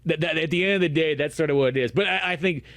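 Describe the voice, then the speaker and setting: A man's voice: on the high side, rapid-fire, fairly bright tone, dry recording, clean studio sound. A man co-hosting a podcast, chatting casually about a film and throwing in jokes. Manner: joking, chiming in with quips. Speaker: podcast co-host. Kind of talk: casual movie review chat.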